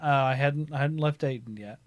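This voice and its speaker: A man from Ohio, a podcast host, telling stories in casual chat and bursting into loud laughing shouts. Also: medium pitch, fairly quick, no echo. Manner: animated storyteller, swings into loud laughing shouts.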